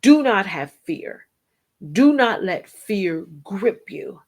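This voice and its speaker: A middle-aged woman delivers a devotional message at an unhurried, deliberate pace. She speaks earnestly to her listeners and now and then slips into singing a line or two of a hymn. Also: medium pitch, very animated, a little mellow. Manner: slow, earnest, sings snatches of hymns. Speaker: host and Christian singer. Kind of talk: devotional teaching.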